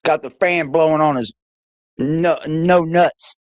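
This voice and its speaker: A woman's voice: deep voice, fairly even intonation, takes it slowly, darkish tone, no echo. A woman hosting a casual livestream, playfully greeting chatters by name one after another on a laptop mic. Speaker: livestream host.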